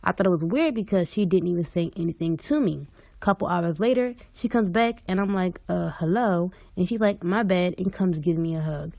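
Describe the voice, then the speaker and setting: Brief: young woman, low and gravelly, flat delivery, dry close sound. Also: brisk, no echo. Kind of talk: casual storytime.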